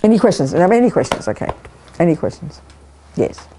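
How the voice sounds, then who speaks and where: A woman's voice: on the low side, very animated, fast talker, mellow, slight background noise. An older woman giving a Buddhist teaching to a live group, emphatic and repeating words for stress, often checking that listeners follow. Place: meditation hall of a study group.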